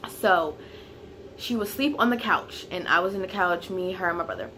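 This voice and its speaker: A woman telling a personal story in a casual vlog, chatty and full of fillers, turning loud and heated at the tense parts. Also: lowish voice, animated, normal speed, a little hiss or hum. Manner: grows loud and heated when retelling the fight. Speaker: vlogger.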